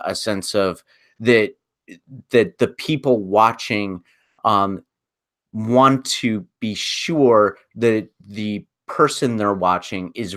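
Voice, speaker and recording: A man with a fairly low voice hosts an analytical podcast discussion. He talks thoughtfully, pausing to find the right words, and his voice sounds close and dry with no room echo. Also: fairly bright tone. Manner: thoughtful, searching for words mid-sentence. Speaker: podcast host.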